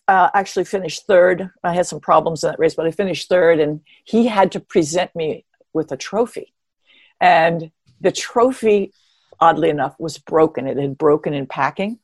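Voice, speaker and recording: Older woman guest with a lowish voice, recorded dry and close, telling stories with wry humor. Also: no room sound. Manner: animated, expressive storyteller with a wry humor. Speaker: interview guest, pioneering marathon runner. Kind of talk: conversational storytelling.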